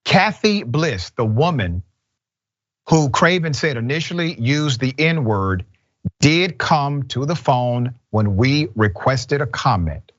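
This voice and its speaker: A man's voice: mid-range voice, expressive, slow pace, muffled recording. A man hosting a talk show, reading out quotes and speaking directly and emphatically to the person involved. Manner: direct, emphatic, addresses people head-on. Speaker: host.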